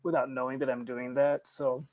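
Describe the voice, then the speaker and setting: A man's voice: mid-range voice, flat delivery, moderate pace, a loud crowd. A middle-aged man from Germany with a faint German accent, an actor chatting thoughtfully on a video-call panel, hesitating often with ums. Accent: slight German.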